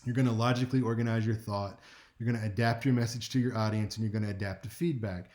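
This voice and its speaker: This speech instructor talks fast in a lowish voice. His class lecture is relaxed and chatty, full of wry asides, and he frequently checks in with the people listening.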